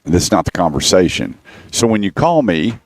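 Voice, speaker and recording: Deep-voiced male radio host. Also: sing-song, normal speed, no room sound. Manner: anecdotal, acts out both sides of conversations. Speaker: radio show host, car-buying advisor. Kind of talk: casual radio talk, storytelling with quoted callers.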